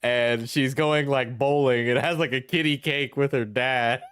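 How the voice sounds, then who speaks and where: A man's voice: mid-range voice, fairly even intonation, a little slow, a bit bright, clear, resonant tone, no echo. A young man streaming clip reactions in casual chat, rambling and laughing often as he trails off mid-sentence.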